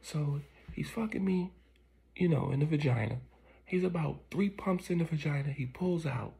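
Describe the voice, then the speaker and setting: Blunt older woman who overshares, played by a man, gravelly, raspy, half-whispered. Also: on the high side, moderate pace, dark tone, pitched above the performer's own voice, exaggerated voice. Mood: gossipy. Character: blunt older woman gossiping crudely about her husband.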